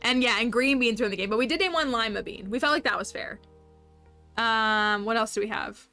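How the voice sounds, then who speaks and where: Woman, livestream host, upbeat and chatty, laughs a lot, crisp bright tone. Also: a little high, fairly quick, faint music behind. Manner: chatty, upbeat, laughs often while reading chat. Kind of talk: casual livestream chat with viewers.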